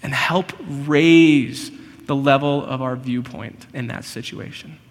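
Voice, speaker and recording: A man preaching a sermon, earnest and personal, often slowing down to stress a point. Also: mid-range voice, long reverb tail. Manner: earnest, personal, slows for emphasis. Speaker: pastor.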